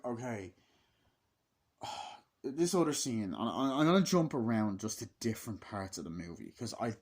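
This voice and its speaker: A man giving a casual, rambling movie review, swearing often and filling his talk with "like" and "okay". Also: medium pitch. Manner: profane, restless, full of "like" and "okay".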